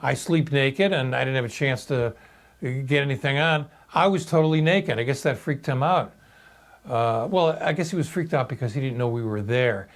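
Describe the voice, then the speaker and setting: A man in his sixties telling a personal story in a halting, reflective video monologue. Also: medium pitch. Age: 60s. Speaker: video blogger.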